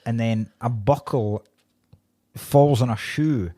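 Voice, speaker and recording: A man's voice: medium pitch, takes it slowly, warm tone, dry recording. A man co-hosting a comedy podcast, recapping a film plot in a laid-back, dry way. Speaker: podcast co-host. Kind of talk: casual comedic film chat.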